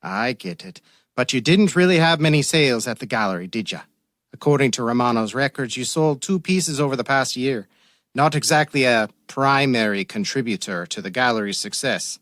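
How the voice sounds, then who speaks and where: A man's voice: mid-range voice, lively intonation, moderate pace, fairly bright tone, no room sound, clean studio sound, lightly acted. A man playing a wry, probing police detective. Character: shrewd, dry-witted male police detective. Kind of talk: radio theater acting.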